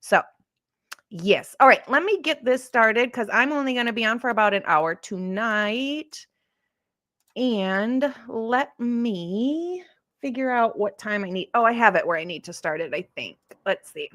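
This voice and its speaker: A woman's voice: on the high side, expressive, measured pace, fairly bright tone, dry recording, studio quality. A woman hosting a casual true crime livestream, chatting in a rambling way and answering comments from her live chat. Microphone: streaming setup.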